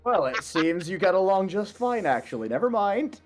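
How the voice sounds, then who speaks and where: A man's voice: high-pitched, big pitch swings, moderate pace, soft background music. A man playing in a tabletop game, talking in an easygoing, slightly hesitant way. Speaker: player. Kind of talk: casual tabletop banter.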